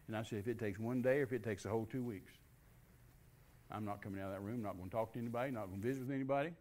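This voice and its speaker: An older man, a preacher, telling a personal testimony in a lively storytelling way and acting out the dialogue he quotes. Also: lowish voice, rapid-fire. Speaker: guest preacher.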